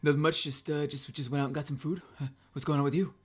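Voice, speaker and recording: Lady doing a goofy low smooth guy voice, lazy drawl. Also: level tone, quick pace. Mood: nonchalant. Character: laid-back generic dude.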